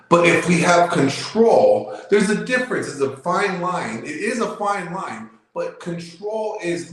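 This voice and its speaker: A man's voice: sits high, very animated, takes it slowly. Emphatic man in a very echoey room. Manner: emphatic, repeats himself, lectures. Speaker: guest. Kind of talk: casual debate on a live show.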